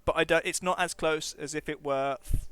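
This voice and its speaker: Smooth-voiced man rambling on stream. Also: a little high, fairly even intonation, moderate pace, fairly bright tone, no room sound. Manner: rambling, wry, thinking aloud to viewers. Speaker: game streamer and English teacher. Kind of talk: casual chat while streaming a game.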